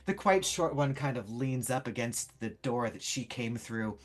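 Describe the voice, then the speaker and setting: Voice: medium pitch, lively intonation, unhurried. Laid-back game master narrating a session. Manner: casual, loose narration with fillers and swearing.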